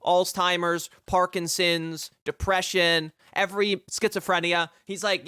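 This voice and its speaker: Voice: medium pitch, measured pace, few pauses, sharp tone, smooth, no echo, clean studio sound. A streamer giving live commentary on news reporting, reading passages aloud and reacting with sarcastic, profane rants.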